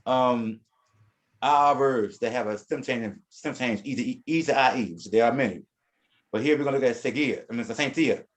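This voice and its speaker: A man's voice: medium pitch, normal speed. A man teaching a Spanish class, explaining verb forms and often repeating and restarting his words. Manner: reads out verb conjugations one by one. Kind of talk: classroom lesson.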